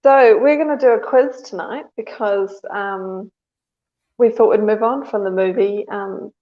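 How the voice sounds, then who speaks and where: A woman co-hosting a comedy night in a relaxed, hesitant way, often pausing on ums. Her voice has a medium pitch and comes over a somewhat dull, lo-fi connection. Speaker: comedy show co-host. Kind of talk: casual live banter.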